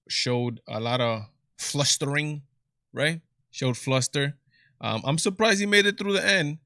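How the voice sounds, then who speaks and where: A man hosts a casual political livestream, rambling with lots of fillers and restarts as he comments and reads the chat. His voice is medium-pitched, smooth and fairly bright, captured in studio quality with no echo.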